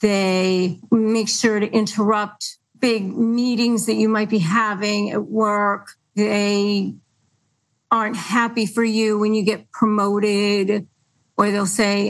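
A woman's voice: medium pitch, steady tone, slow, rough recording. A woman hosting an advice podcast, explaining earnestly and acting out quoted lines. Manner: earnest, quotes others in mocking put-on lines. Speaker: podcast host.

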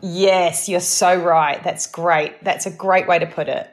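A middle-aged woman from New Zealand with a softened Kiwi accent, co-hosting a podcast in a lively, laughing storytelling manner. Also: fairly low pitch, a little slow. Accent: New Zealand, partly anglicised. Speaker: podcast co-host. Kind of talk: casual chat.

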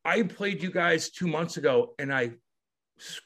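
A man, a former hockey player, telling a story as a guest on a podcast in a casual, animated way, swearing and acting out the voices in his story. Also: fairly high pitch, normal speed.

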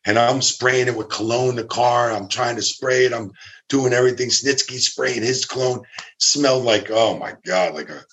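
A man's voice: mid-range voice, fairly even intonation, normal speed, a bit bright. A man casually telling a long story, acting out quotes of the people in it, swearing and laughing as he goes. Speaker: storyteller guest.

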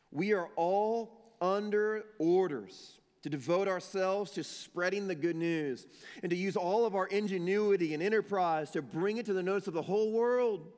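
A man preaching a sermon as pastor, swinging from shouted lines to hushed ones and acting out the people he quotes. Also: sits high, big-room sound.

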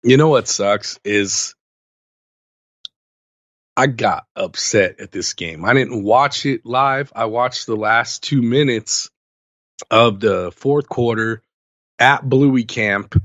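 A man's voice: medium pitch, slow pace, long pauses, dry recording, lo-fi sound. A man co-hosting a sports podcast in casual chat, telling stories and ranting with lots of energy. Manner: animated ranting storyteller. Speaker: podcast co-host.

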